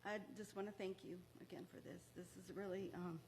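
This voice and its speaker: A woman's voice: lowish voice, level tone, fairly quick, noisy background. A woman speaking at a memorial ceremony in a museum, earnest and emotional, close to tears. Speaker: bereaved mother speaking as guest. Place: museum event room.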